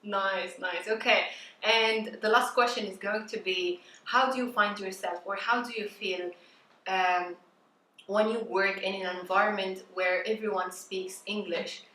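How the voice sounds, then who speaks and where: A woman's voice: mid-range voice, steady tone, unhurried, pushed and bright. Chatty woman interviewer, echoey room. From Tunisia. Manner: friendly, chatty, many fillers. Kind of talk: casual interview.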